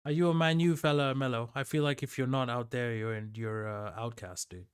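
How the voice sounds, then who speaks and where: A man's voice: mid-range voice, steady tone, a little fast, smooth. A man streaming live, chatting loosely with his viewers and answering their messages aloud. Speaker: livestreamer.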